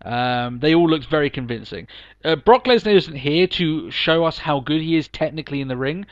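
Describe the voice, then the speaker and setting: A man's voice: fairly high pitch, animated, moderate pace, no room sound, highs cut off. A man co-hosting a podcast, chatting casually and emphatically, laughing often. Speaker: podcast co-host. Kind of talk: casual wrestling review chat.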